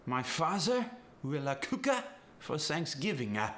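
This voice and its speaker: A man's voice: on the high side, big pitch swings, a little slow, a bit bright, a little hiss or hum. A man repeating phrases hesitantly, with many filler sounds. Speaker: accent demonstrator.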